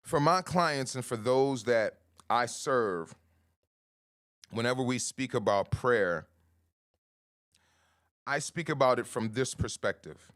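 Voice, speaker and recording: A man hosting a livestream as a life coach, greeting viewers by name and talking slowly and emphatically, repeating his key phrases. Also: mid-range voice, lively intonation, a bit bright, no echo, clean studio sound. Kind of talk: motivational livestream talk.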